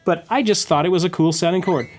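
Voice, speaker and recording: A man with a high voice gives a casual, fast-paced guitar lesson, explaining chord substitutions and humming and scatting the changes as he plays. His acoustic guitar plays loudly underneath his voice.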